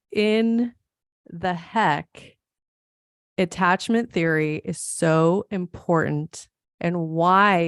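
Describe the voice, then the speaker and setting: A woman's voice: on the low side, a bit bright, smooth, no room sound, studio quality. A woman psychologist from Montana hosting a solo podcast, explaining ideas in an earnest, friendly way with self-deprecating asides. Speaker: podcast host and clinical psychologist.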